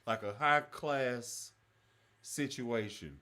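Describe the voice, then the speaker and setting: A young man, hosting a casual stream chat in an animated, rambling way that is full of laughter. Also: mid-range voice, drawn-out words. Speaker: stream host.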